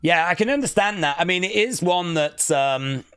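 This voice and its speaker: A man hosting a live watch-along stream, chatting casually and jokily, reading out chat and breaking into sudden excited shouts. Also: high-pitched, moderate pace, smooth, no room sound, studio quality. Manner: excitable, jokey, with sudden loud outbursts.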